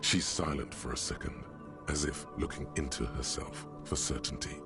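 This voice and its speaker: A man voicing a stern, sardonic male narrator in a video game, with a measured, deliberate delivery. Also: very deep voice, vocal fry. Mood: narrating. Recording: music playing underneath.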